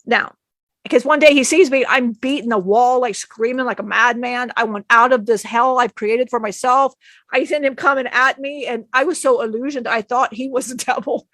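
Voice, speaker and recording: A woman's voice: fairly high pitch, steady tone, normal speed, fairly bright tone, no echo. A woman channeling a spirit, telling an emotional personal story in a rambling way, often acting out what others said and laughing.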